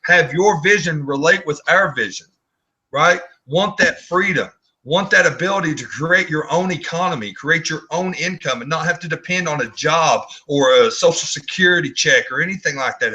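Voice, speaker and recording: A man co-hosting an online video hangout, giving a blunt, earnest motivational sales pitch and often repeating words as he talks. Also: normal speed, sharp tone, rough recording. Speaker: co-host of online business hangout.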